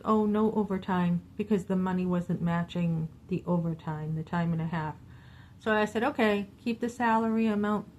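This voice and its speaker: A woman's voice: medium pitch, slight background noise, low-quality recording. A middle-aged woman telling a story in a casual vlog, venting with exasperation and acting out the dialogue. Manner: animated, acts out quoted dialogue. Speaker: vlogger.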